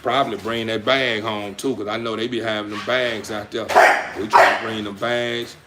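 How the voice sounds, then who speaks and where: A man's voice: lowish voice, level tone, normal speed, heavy background noise. A man livestreaming casually about his dogs, with a rambling, laid-back manner. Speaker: dog breeder livestreaming. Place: home kennel with dogs.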